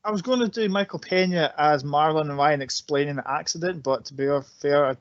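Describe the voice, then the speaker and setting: Scottish male co-host, relaxed, dry close sound, slightly lo-fi. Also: a little high, fairly quick, dry recording. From Scotland. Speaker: podcast co-host. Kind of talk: casual chat.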